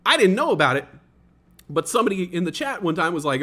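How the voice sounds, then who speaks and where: A young man chats on his stream, telling a story in a loose, rambling way. His voice sits a little high, and he leans on fillers while he acts out what other people said. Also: big pitch swings, fast, bright, forceful tone. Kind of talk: casual storytelling chat.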